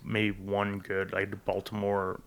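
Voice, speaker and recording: Brief: podcast co-host, man, gravelly and sharp-toned, low voice, rambling. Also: monotone, normal speed. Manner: rambling, crude, joking. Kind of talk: casual chat.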